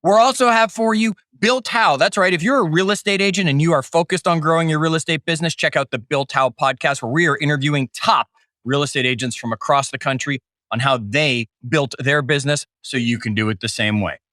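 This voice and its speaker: With a fairly high, sharp voice and a fairly quick pace, a middle-aged man from Canada launches his podcast in a hyped, joking manner before turning to interview his guest. The upbeat intro and interview are captured in clean studio sound with no room sound.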